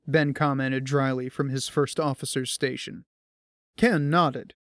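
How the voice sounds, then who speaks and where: A man narrating a science fiction audiobook in an even storytelling manner. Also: medium pitch, unhurried, creaky, dry recording, clean studio sound. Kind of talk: scripted narration.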